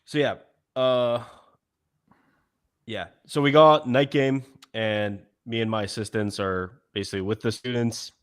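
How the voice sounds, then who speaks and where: Dating coach guy running through his course, halting, lots of uh and like. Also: mid-range voice, steady tone, clear, resonant tone. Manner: casual, hesitant, many fillers. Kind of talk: panel discussion.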